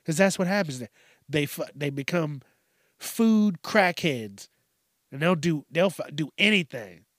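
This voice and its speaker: A man hosting a casual, profane, joking news commentary from his desk at home, rambling and breaking into squeaky voices. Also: animated, unhurried, a bit bright, dry recording, studio quality.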